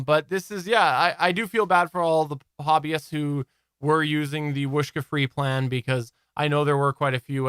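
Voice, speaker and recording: A man co-hosting a live podcast chat, talking in an animated, casual way and laughing easily. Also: a little high, smooth, no echo, studio quality. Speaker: podcast co-host.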